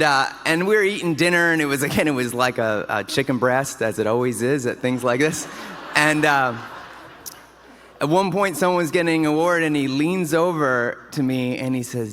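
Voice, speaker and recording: Male award recipient, mid-pitched, chatty and storytelling, in a reverberant ballroom. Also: a bit bright. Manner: casual, storytelling, enthusiastic. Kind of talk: award acceptance speech. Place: large hotel ballroom. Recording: long hall reverb.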